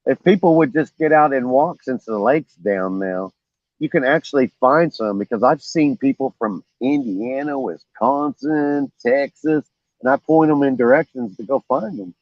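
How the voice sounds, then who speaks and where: A man's voice: medium pitch, animated, normal speed, dry recording. A man chatting casually while fishing by a lake at night, rambling and full of fillers. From Oklahoma. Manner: rambling, many fillers, storytelling. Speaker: vlogger, angler. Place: lakeshore outdoors at night. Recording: dull lo-fi outdoor audio.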